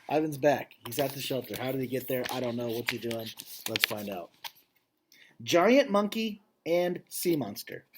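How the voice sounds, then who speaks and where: Man reading a kids' book aloud, animated pitch, chatty asides. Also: normal speed, a little hiss or hum. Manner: lively, stops to chat about the story. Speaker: reader of a children's novel.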